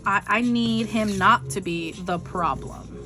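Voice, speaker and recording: A woman's voice: mid-range voice, measured pace, over music. A middle-aged woman telling a rambling, frustrated story in a casual vlog, full of likes and ums. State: frustrated, near tears. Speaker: vlogger.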